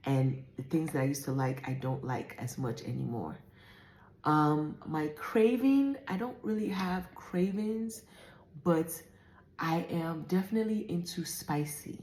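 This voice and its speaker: A woman in her forties talks through her pregnancy symptoms in a candid, rambling way, full of fillers and restarts. Her voice sits low, and she sometimes sounds slightly out of breath. The room around her is echoey. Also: a little slow, darkish tone. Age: 40s. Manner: chatty and candid, with many fillers and self-corrections. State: often out of breath. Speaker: vlogger. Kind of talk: casual pregnancy update vlog.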